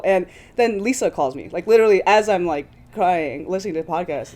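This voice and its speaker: A woman's voice: mid-range voice, quick pace, few pauses. A woman guest on a podcast talks in an effusive, tumbling way. She sounds emotional and laughs often mid-sentence, with a voice in the middle of the usual range. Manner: excited, effusive, laughs often while speaking. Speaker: guest producer. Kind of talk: casual podcast conversation.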